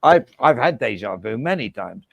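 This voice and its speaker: A man's voice: medium pitch, sing-song, moderate pace, gravelly, fairly bright tone, dry recording, dull audio. A man chatting casually on a live stream, rambling and laughing over a few beers, with the hiccups. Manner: rambling, laughing, swearing, drinking beer.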